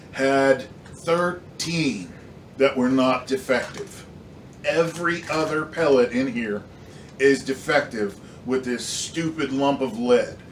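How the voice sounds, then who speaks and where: A man reviews airgun pellets in a casual, rambling way, full of fillers and frustrated emphasis. His voice sits at an ordinary pitch. It rings around a hard room, picked up from a short distance with a faint hiss underneath. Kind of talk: casual product review rant. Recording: echoey room, slightly distant mic, faint noise.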